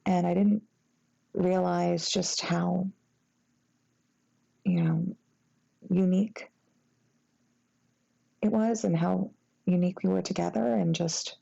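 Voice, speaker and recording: A woman in an ASMR role-play voicing a sad, regretful young woman who misses her ex, talking in a hesitant, halting way. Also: fairly low pitch, steady tone, vocal fry, mellow, lo-fi sound, heavily acted. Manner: hesitant, halting, full of fillers.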